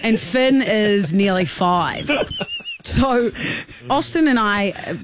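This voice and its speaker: A young woman co-hosting a podcast, telling lively stories in casual chat and acting out kids' voices. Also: medium pitch, slow, a little hiss or hum. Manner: animated storyteller, acts out kids' voices. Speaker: podcast co-host.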